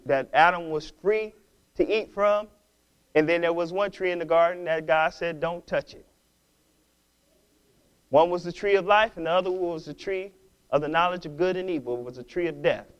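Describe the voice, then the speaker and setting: A man pastor with a notably high voice delivering a sermon. He exhorts his listeners, stumbles over and repeats words, and swells into loud, fervent preaching. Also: smooth.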